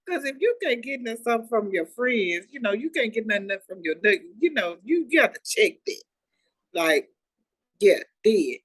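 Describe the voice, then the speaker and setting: A woman's voice: on the high side, very animated, moderate pace, breathy edge. A woman co-hosting a podcast, telling a story in loose, conversational vernacular. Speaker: podcast co-host. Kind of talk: casual chat.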